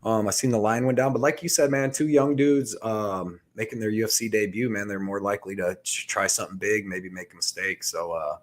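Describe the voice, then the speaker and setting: A man co-hosting a sports betting show, talking in a relaxed, loose way full of fillers. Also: on the low side, brisk, few pauses. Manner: laid-back, lots of "man" and fillers. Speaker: co-host. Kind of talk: casual sports betting chat.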